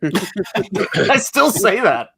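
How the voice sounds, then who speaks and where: A man with a bright, sharp-edged voice tells his stories with real enthusiasm and laughs easily. He is chatting casually with friends over a video call, and his pitch sits slightly high. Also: extremely slow, creaky. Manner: enthusiastic, animated storyteller who laughs easily. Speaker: co-host of a crowdfunding livestream. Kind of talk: casual chat.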